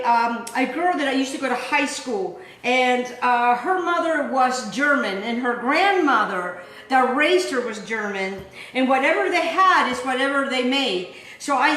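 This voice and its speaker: Chatty high-voiced woman cooking host. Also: pushed and bright, roomy sound, rough recording. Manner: chatty and rambling, repeats words. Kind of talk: casual cooking demonstration. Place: kitchen.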